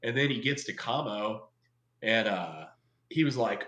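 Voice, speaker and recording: Man, 40s, podcast guest, casual storyteller, animated, roomy echo. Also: on the low side, unhurried. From United States. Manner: animated, acts out quoted voices, swears freely. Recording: echoey room.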